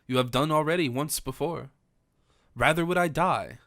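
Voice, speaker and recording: A man's voice: fairly high pitch, normal speed, fairly bright tone, no echo, clean studio sound. A man voicing a distraught, devout young woman in an audiobook, pleading in formal old-fashioned speech. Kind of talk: audiobook character reading.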